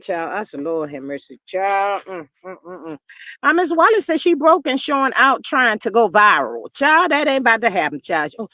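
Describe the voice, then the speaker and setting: Woman, stream gossip host, high and very animated pitch, drawling exclamations, dry close mic. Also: no echo. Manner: animated, exclaims and drawls, reads chat aloud. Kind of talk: casual live-stream gossip chat.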